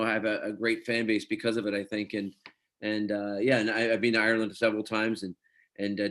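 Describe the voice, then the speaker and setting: A middle-aged man from Scotland, an actor telling stories in a casual interview and acting out quoted dialogue. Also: on the low side. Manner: animated storyteller, quotes others in dialogue. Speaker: actor guest.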